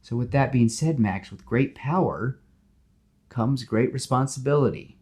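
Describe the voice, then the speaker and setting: A man's voice: mid-range voice, unhurried, a little mellow, voice pushed up, lightly acted. A man voicing a cheerful, friendly young male superhero who chats and reassures. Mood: reassuring. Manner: upbeat, reassuring, talkative. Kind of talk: acting out a pitch on a podcast.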